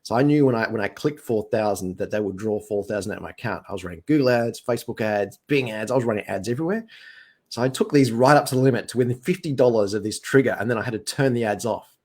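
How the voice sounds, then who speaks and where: Husky man telling his story. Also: on the low side, fast. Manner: animated, acts out quoted voices. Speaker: business owner guest. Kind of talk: casual storytelling interview.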